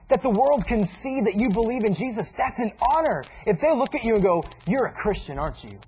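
A man preaching a sermon in a casual, animated way, acting out little asides as he teaches. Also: very high voice, a little fast, a little hiss or hum, rough recording.

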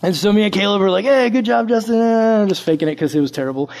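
Young male preacher, high voice, relaxed chatty delivery full of stories. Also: racing, crowd noise. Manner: casual, animated storytelling with acted-out quotes. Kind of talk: sermon with personal story.

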